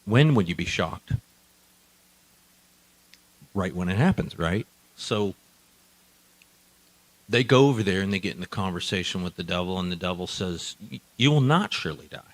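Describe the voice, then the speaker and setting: A man preaching a sermon, swinging between quiet asides and loud emphatic declarations. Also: low voice, normal speed, pauses often, poor audio. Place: church hall.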